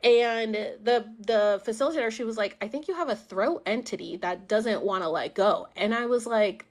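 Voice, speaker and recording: A woman's voice: medium pitch, normal speed, hardly any pauses. A young woman casually telling a personal story on a live stream, chatty, with many fillers and acted-out quotes. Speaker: podcast host.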